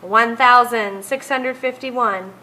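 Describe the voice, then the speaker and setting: A woman's voice: fairly high pitch, slow pace, bright, forceful tone, poor audio. A woman teacher walking through math homework problems, counting aloud step by step.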